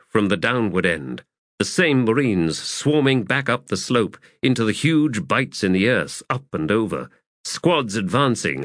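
Male narrator, low voice, measured delivery, dry close recording. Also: a bit bright, dry recording. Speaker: audiobook narrator. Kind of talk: scripted narration.

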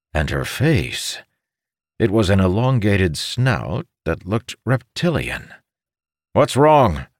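Man, audiobook narrator, very low voice, lively intonation, dry studio sound. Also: no echo. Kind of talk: scripted fantasy narration.

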